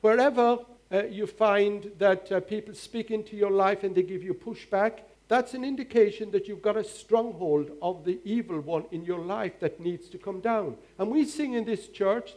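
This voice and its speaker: A man's voice: high voice, darkish tone. An older man preaching as a pastor, earnest and exhorting, asking his congregation rhetorical questions. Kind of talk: sermon.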